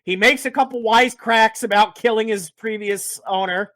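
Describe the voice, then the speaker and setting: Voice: medium pitch, normal speed, a bit bright, no echo. A speaker casually recapping a video game's story, rambling, joking and swearing a lot. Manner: profane, rambling, jokey. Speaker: podcast host.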